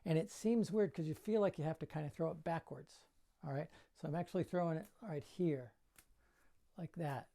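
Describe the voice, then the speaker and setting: At a moderate pace, in a mellow mid-range voice, an older coach walks through juggling in a relaxed bedroom lesson, calling out each throw's count as he shows it and offering simple encouragement.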